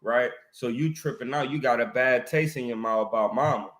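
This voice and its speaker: A man's voice: mid-range voice, normal speed, a bit bright, roomy sound. A man talking casually about faith in a preachy way, ending his lines with "right?" and "man.". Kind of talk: casual religious discussion.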